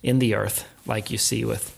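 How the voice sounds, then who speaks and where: A man casually retelling a book's plot in a chat, animated, quoting characters and laughing softly. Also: lowish voice, moderate pace, creaky, breathy edge. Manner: animated retelling with quoted voices and soft laughs.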